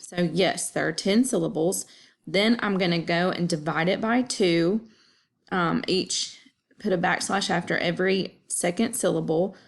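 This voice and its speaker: Woman teacher, low-pitched, unhurried, breaks each line into beats. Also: vocal fry. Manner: slow, deliberate, counting out syllables. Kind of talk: classroom explanation.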